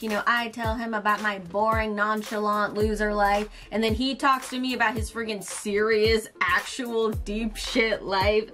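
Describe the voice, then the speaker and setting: A young woman telling a story on her channel in a casual, dramatic and animated way, breaking into shrieks and swearing. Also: on the high side. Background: background music.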